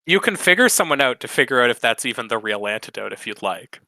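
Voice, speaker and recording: A man's voice: mid-range voice, sing-song, fast, creaky, sharp tone, no echo. A man narrating a tabletop role-playing game as game master, explaining rules with frequent hesitations. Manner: hesitant, many fillers.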